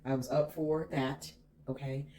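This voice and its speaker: A woman's voice: very deep voice, little pitch movement, unhurried, warm tone. A woman vlogger telling a personal story in an emphatic, candid way, swearing freely.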